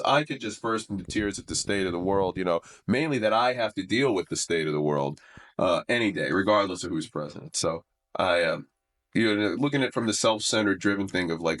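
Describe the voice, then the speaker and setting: A young man with a fairly low voice talks loosely on a podcast. He rambles through self-deprecating bits in a dry, deadpan way. When he muses his voice sinks lower and quieter. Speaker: comedian and podcast guest. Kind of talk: casual podcast chat.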